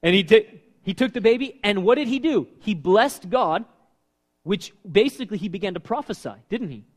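A man preaching a sermon as pastor, animated and asking his listeners questions. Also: high-pitched, moderate pace. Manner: animated, asks the congregation questions. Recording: long reverb of a hall.

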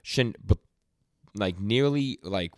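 A young man co-hosting a podcast speaks in a lowish, expressive voice, recorded with clean studio sound and no echo. He casually recaps manga, acting out comic scenes in quick quoted lines while stammering and stumbling a great deal.

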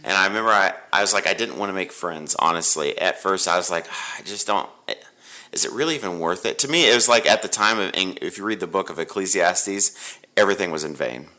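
A man, a pastor, telling a personal faith story in a rambling, animated way with many restarts. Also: low-pitched, quick pace. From Ohio. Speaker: pastor and guest.

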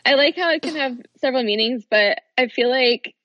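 A woman's voice: high voice, fairly quick, fairly bright tone, highs cut off, a little hiss or hum. A woman co-hosting a podcast in casual chat, rambling with many "like" fillers and frequent laughs. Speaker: podcast co-host.

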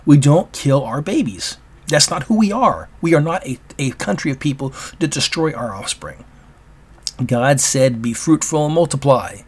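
A man hosting a solo opinion podcast, talking in a rambling, halting way with many restarts. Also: a little high, lively intonation, husky. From Oregon, US. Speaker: podcast host.

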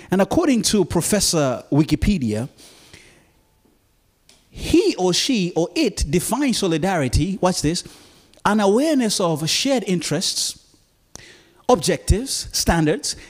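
Male preacher, high voice, dramatic swings from hushed to loud, stammering repeats. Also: animated, a little slow. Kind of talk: sermon.

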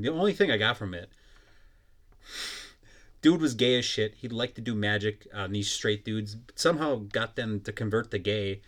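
Profane young man ranting on a podcast. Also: fairly low pitch. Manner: profane, blunt, mocking. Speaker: podcast host. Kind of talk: casual solo podcast rant.

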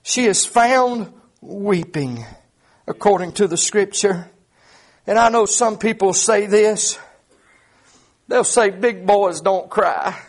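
This is a middle-aged preacher, and his voice sits very high for a man. He delivers a fervent sermon, often starting phrases with "uh" and rising into shouts at the peaks. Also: takes it slowly, pauses often.

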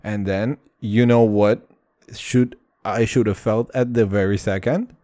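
A man's voice: lowish voice, fairly even intonation, unhurried, very noisy. A man chatting casually in a vlog, rambling and swearing, often repeating "dude" and "all right".

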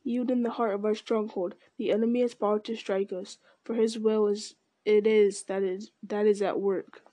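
Woman reader as a stern old wizard, solemn and clipped, mellow tone. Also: mid-range voice, level tone, normal speed, dry recording, close to an everyday voice. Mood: grave. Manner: terse, solemn. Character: grave old male wizard, stern and urgent. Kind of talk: audiobook character voice.

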